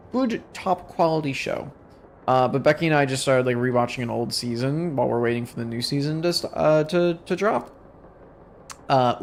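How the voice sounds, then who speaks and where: A man's voice: medium pitch, darkish tone. Worn out young guy rambling over gameplay, mid-range voice, bit of faint hiss behind. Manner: tired, rambling, self-deprecating. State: exhausted. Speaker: streamer. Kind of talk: casual gameplay commentary.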